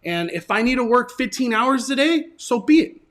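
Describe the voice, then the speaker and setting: High-voiced earnest man telling his story. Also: expressive, moderate pace, a bit bright. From Southern California. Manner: earnest, emotional, rambling with restarts. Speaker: channel host. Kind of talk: casual storytelling chat.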